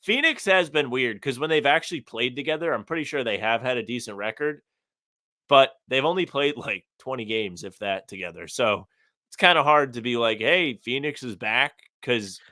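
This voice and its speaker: Podcast co-host, male, bright and punchy tone, dry close sound, casual opinionated delivery. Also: mid-range voice, expressive, normal speed, no room sound. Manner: reads listener comments aloud, opinionated and conversational. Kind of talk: casual sports podcast chat.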